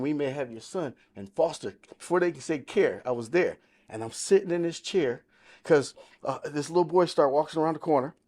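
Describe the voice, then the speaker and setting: A sixty-something podcast guest, his voice on the high side with a darkish tone, tells his life testimony in a relaxed conversational way. He's emphatic and narrative, repeating what others said to him.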